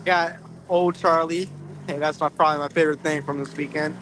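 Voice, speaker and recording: Man, higher voice, casual play-by-play, live stream, outdoors. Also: level tone, brisk, noisy background. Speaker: event commentator. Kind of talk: live-stream sports commentary.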